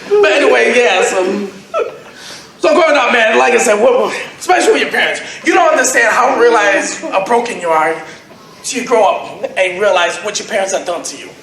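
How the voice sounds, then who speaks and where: A young man doing raunchy stand-up, rambling and cracking himself up. His voice is very high and bounces all over the place. He is recorded on a handheld mic in a very echoey room, with noise underneath. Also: animated, fairly quick, gravelly, fairly bright tone. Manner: crude, rambling, laughing at his own jokes. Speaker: stand-up comedian at open mic. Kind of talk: stand-up comedy set. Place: convention panel room with live audience.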